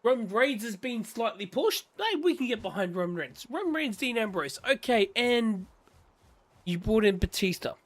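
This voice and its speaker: A man's voice: high-pitched, normal speed. A man on a casual game stream, ranting passionately and playing out other people's reactions. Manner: impassioned wrestling rant with excited mimicry. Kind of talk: casual gaming stream chat.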